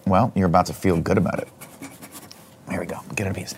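A man co-hosting a comedy podcast in casual chat, loud, excitable and full of swearing. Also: deep voice, fast, slight background noise. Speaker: podcast co-host.

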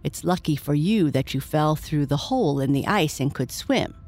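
A woman voicing a wise father beaver in a storybook, steady and instructive. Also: low voice, normal speed. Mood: approving.

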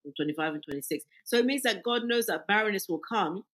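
A woman guest with a husky voice, telling her faith story in an interview with fervent, emphatic energy. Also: medium pitch, expressive, fast, a bit bright, rough recording. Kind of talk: faith testimony in podcast interview.

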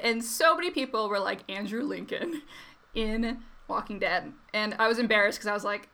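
Chatty woman with a bright voice. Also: on the high side, expressive, normal speed. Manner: chatty, with many fillers and laughs. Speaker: guest commentator. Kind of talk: casual chat.

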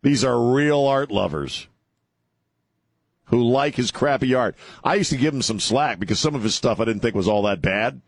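A man's voice: mid-range voice, normal speed, vocal fry, dry recording. A man hosting a talk radio show, taking callers and giving sarcastic, mocking commentary in a chatty way.

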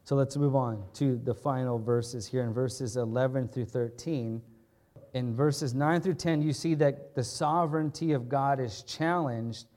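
Mellow-voiced man preaching conversationally. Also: medium pitch, measured pace. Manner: conversational, often checks in with "right?"; earnest, explains and restates points. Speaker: pastor. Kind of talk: expository sermon.

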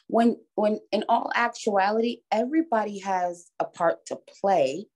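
A woman's voice: lowish voice, normal speed, few pauses, a little mellow, rough recording. A woman co-hosting a casual conversation, making her points with emphatic repetition. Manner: emphatic, repeats words for stress. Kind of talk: casual chat.

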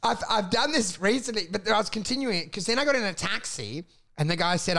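High, gravelly man telling stories. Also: a little fast. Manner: animated storytelling, sweary, laughing. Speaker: comedian and podcast co-host. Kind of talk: casual comedic chat.

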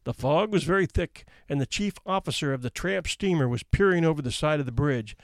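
A man's voice: a little high, expressive, a little fast, dry recording, clean studio sound. A man reading out anecdotes in a wry, conversational storytelling manner. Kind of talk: casual read-aloud narration.

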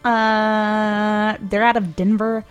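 A woman's voice: mid-range voice, little pitch movement, extremely slow, clean tone, faint music behind. A young woman co-hosting a casual college-style radio show, laid-back, swearing and laughing as she backs-announces songs.

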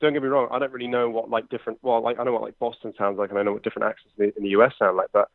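A man's voice: medium pitch, flat delivery, creaky, no room sound. A man in his twenties with a London accent, an impressionist and comedian talking in a chatty interview, full of fillers. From England. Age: 20s. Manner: quick, chatty, lots of fillers. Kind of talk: conversational interview. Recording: tinny phone line, dry.

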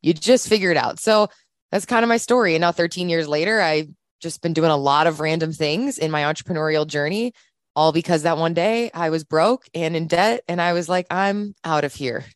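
A woman's voice: low-pitched, fairly quick, no room sound, studio quality. A woman in her thirties, a podcast guest, telling her story in casual chat and acting out the voices she quotes, laughing often.

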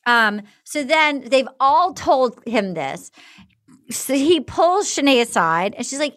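High-voiced woman gossiping on a podcast. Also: expressive, a little slow, fairly bright tone, no room sound, clean studio sound. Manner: chatty, profane, full of fillers. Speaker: podcast host. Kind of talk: casual chat recapping a dating show.

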